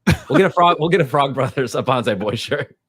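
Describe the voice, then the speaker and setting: Male podcast co-host, lively and chatty, laughs a lot, swinging pitch. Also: fast, slightly rough. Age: adult, high school teacher. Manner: animated, laughs often, chatty. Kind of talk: casual podcast chat.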